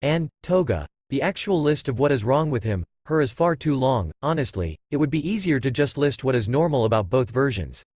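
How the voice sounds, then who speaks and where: A man's voice: medium pitch, sing-song, brisk, few pauses, darkish tone, dry recording. A man voicing a blunt young woman who lists someone's faults, matter-of-fact.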